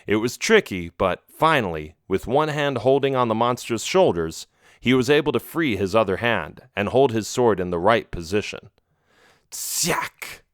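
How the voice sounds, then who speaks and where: An audiobook narrator reads a children's adventure story in steady, measured storybook style. His voice is fairly low, and the dry recording has studio quality.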